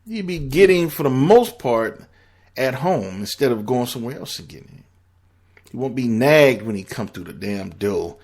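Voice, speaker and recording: A man's voice: mid-range voice, very animated, moderate pace, darkish tone. A man giving blunt, profane relationship advice in a casual, rambling monologue.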